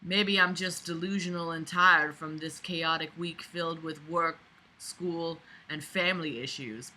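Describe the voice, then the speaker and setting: A woman reading a book aloud and mocking it, swearing and breaking into loud sarcastic rants. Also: deep voice, fairly even intonation, unhurried. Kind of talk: sarcastic hate-read commentary.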